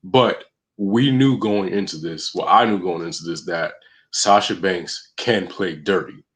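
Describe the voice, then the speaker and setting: Low-voiced guy chatting wrestling, sure of himself, punchy takes. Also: measured pace, a bit bright. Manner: confident, emphatic opinions. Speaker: podcast co-host. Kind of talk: casual wrestling chat.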